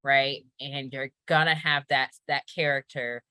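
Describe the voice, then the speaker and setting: A woman in casual chat, opinionated and quick to laugh. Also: very deep voice, fairly even intonation, pushed and bright, clean tone, no room sound.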